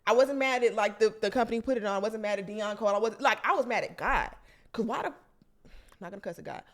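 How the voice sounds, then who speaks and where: A woman's voice: medium pitch, fast talker. A young adult woman comedian co-hosting a podcast, venting bluntly and cursing a lot in casual chat.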